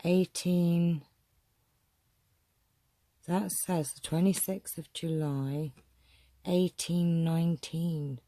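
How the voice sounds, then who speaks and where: A woman chatting casually as she shows a photo collection, musing aloud and often clearing her throat. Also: fairly low pitch, steady tone, drawn-out words, pauses often, mellow, no room sound. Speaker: vlogger showing a photo collection. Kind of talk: casual show-and-tell commentary.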